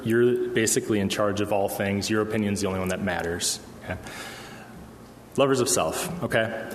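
A man with a lowish voice preaches in a church hall, keeping the sermon conversational as a pastor and checking in with "okay?" often. Long reverb fills the echoey hall, with slight background noise.

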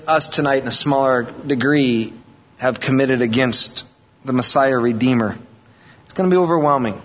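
A male pastor preaching a sermon, animated and conversational, mixing emphatic passages with joking asides. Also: mid-range voice, moderate pace. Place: church sanctuary. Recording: dull, lo-fi audio with long reverb in a large hall.

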